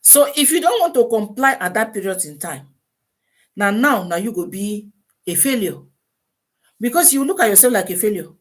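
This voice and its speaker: Using a mid-range voice, a woman with a Nigerian Pidgin English accent hosts an easygoing advice talk on a live stream. She stays animated, posing one rhetorical question after another.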